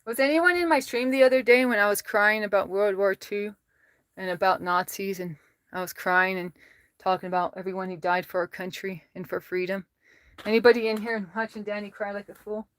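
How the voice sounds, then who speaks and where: A woman's voice: medium pitch, steady tone, a little fast, no room sound. An American woman livestreaming from home, chatting casually, reading viewer comments aloud and laughing often as she talks to her cats. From United States.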